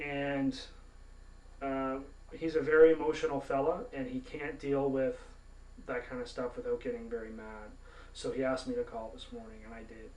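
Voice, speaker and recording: A man's voice: medium pitch, level tone, normal speed, a little mellow. A man from Canada giving a profane, indignant rant to camera as a gaming vlogger. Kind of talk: ranting monologue to camera. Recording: roomy, mic at a distance.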